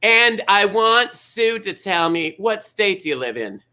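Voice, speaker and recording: Man, bingo show host, sassy and exaggerated, high voice. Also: big pitch swings, unhurried, pushed and bright, clear, resonant tone, low-quality recording. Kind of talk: campy live show hosting.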